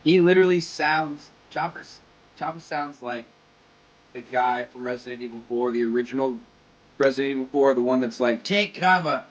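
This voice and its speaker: A man's voice: mid-range voice, fairly even intonation, highs cut off. A man chatting casually during a game stream, joking and bantering with friends. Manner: joking, bantering, quick to laugh. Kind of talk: casual chat while gaming.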